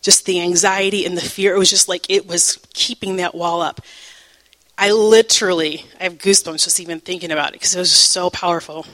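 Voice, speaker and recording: A woman's voice: on the low side, fairly even intonation, fairly bright tone, in a large hall, poor audio. Emotional woman sharing a faith testimony. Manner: emotional, halting, many fillers and restarts; breaks into laughter. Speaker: Bible teacher. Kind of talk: personal testimony teaching.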